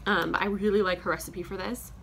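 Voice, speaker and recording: This young woman's medium-pitched voice is gravelly and a bit bright, her intonation fairly even, and she speaks fast over a little hiss or hum. Chatting casually as she makes breakfast in her home kitchen, she rambles with lots of "like" and small laughs, sounding congested from a sinus infection and a little out of breath.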